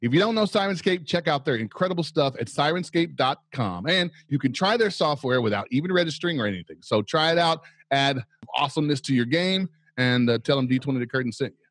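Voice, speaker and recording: Upbeat male dungeon master, higher voice. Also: animated, quick pace, hardly any pauses, a bit bright, no echo. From Oklahoma. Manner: upbeat, chatty, laughs often. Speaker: dungeon master and podcast host. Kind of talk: podcast intro and announcements.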